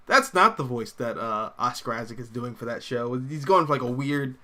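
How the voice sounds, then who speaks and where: A man's voice: medium pitch, normal speed. A young man hosting a casual comics livestream, rambling animatedly and reading viewer comments aloud. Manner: rambling and animated, full of fillers and laughs.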